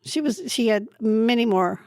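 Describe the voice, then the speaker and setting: A woman co-hosting a library book podcast, recorded at a library, talking casually and slowly about a book she picked, pausing to search for words. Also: a little high, lively intonation, darkish tone, no echo, clean studio sound. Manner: slow, searching for words, laughing at times. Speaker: podcast co-host presenting a book pick.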